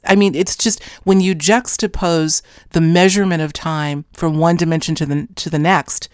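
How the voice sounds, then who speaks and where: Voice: mid-range voice, moderate pace, few pauses, smooth, dry recording. Host retelling an interview story, rambling and self-correcting, mid-range voice in a dry booth. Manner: grows more animated toward the end. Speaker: podcast host recounting an interview. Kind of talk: casual storytelling monologue.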